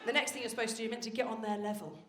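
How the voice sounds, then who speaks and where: A woman performing a stand-up comedy set on stage, telling stories in a brash, animated way with plenty of swearing. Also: fairly high pitch, racing. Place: stage of a live comedy venue. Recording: roomy live venue with faint noise. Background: audience laughter.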